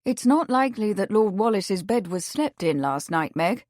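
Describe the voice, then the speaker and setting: A woman voicing a kindly, measured Victorian gentleman investigator. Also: medium pitch, lively intonation, dry recording, studio quality, lightly acted.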